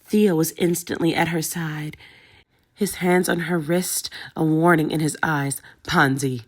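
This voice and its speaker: A woman narrating a story in a steady, even reading. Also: sits low, measured pace. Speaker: audiobook narrator.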